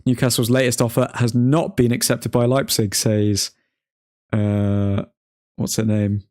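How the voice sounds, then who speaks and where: A man's voice: mid-range voice, monotone, unhurried, darkish tone. Chatty man hosting a live stream. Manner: chatty, reads updates aloud, hums while scrolling. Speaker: livestream host reading transfer news. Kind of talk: casual live stream chat.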